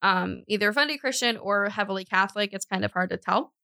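A woman's voice: medium pitch, fast talker, creaky, sharp tone, no room sound. A young woman co-hosting a podcast, telling a true-crime story in a chatty way, with lots of fillers and self-corrections. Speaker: podcast co-host.

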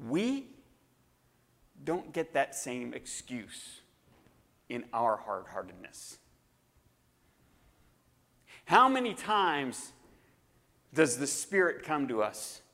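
A man preaching a sermon, animated and acting out the voices of the people in his story. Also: high voice. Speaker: pastor. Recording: long hall reverb.

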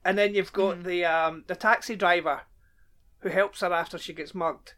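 A man's voice: high voice, fairly even intonation, normal speed, sharp tone. Laid-back man chatting. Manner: laid-back, chuckling, many ums. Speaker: podcast co-host. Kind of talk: casual chat.

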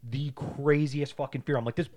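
Male podcast co-host, rapid rambling delivery, crude casual chat. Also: medium pitch, noisy background. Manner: rambling storyteller, heavy swearing and "like" fillers.

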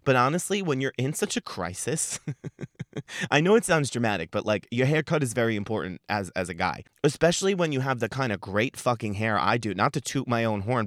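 A man's voice: on the low side, fairly bright tone, dry recording, clean studio sound. A man hosting a podcast, telling a comedic story in a profane, emphatic and dramatic way. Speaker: podcast host.

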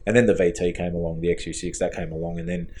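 A man's voice: sits low, very animated, very fast, creaky, dark tone. A man with an Australian accent, co-hosting a casual podcast chat and telling a long rambling story, acting out the quoted dialogue. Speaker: podcast co-host, fabricator and tuner.

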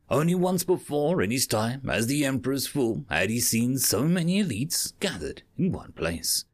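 A man narrating sci-fi and fantasy short stories as a podcast reader. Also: mid-range voice. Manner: expressive reading. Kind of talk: audiobook story narration.

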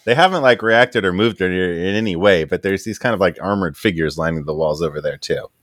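Low-voiced man running a tabletop game. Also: fairly quick, no room sound, clean studio sound. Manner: relaxed, hedging with "like" and "kind of". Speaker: game master.

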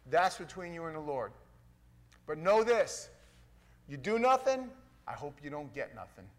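A middle-aged man, a pastor, preaching a sermon in a folksy, playful way that swings from loud to hushed. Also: a little high, big pitch swings, normal speed.

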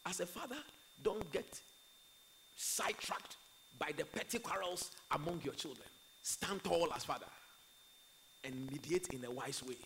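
Guy preaching, high voice jumping all over, gravelly edge, faint hum behind. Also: low-quality recording. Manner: impassioned, swinging from loud declarations to quiet asides. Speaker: pastor. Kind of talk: sermon.

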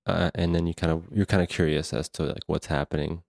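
Man with a very deep voice, dry room, meandering movie chat. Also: steady tone, gravelly, a little mellow, dry recording. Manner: slow, meandering storytelling. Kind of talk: casual movie review chat.

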